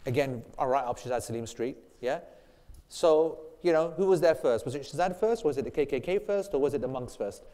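A man's voice: medium pitch, lively intonation, a little fast, dark tone. A man teaching an informal Islamic class, joking and teasing his students as he rambles. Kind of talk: casual informal religious class. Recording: long reverb in a hall.

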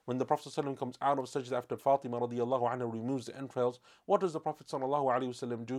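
Fast-talking man teaching a religious lesson. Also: medium pitch. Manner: storytelling, acting out quoted speech with lively emphasis; recites Quranic Arabic quickly. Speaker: Islamic teacher.

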